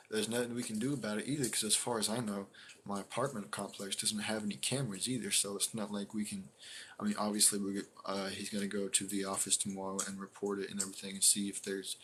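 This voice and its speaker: A man tells a story to his live stream audience in an easygoing, rambling way, full of fillers and restarts. His voice sits somewhat low, and he acts out what others said along the way. A faint background hiss runs under the recording. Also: a bit bright.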